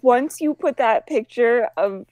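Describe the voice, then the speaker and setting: A woman's voice: fairly high pitch, measured pace, a little mellow, no room sound. A woman co-hosting a casual podcast chat with a dry, teasing manner. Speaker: podcast co-host.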